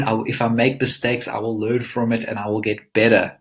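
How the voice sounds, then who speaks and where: A man's voice: lowish voice, fairly even intonation, fairly quick, hardly any pauses. A man presenting a live webinar as a mindset coach, teaching in an earnest, emphatic coaching tone.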